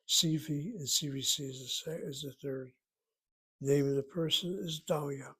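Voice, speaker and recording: A man teaching a Hebrew lesson, explaining slowly and carefully and sounding out words. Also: on the high side, steady tone, bright, forceful tone, slightly rough. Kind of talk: slow classroom lesson.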